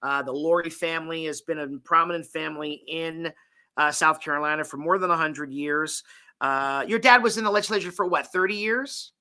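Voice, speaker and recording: Bright-voiced male talk show host. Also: a little high, brisk, clear, resonant tone.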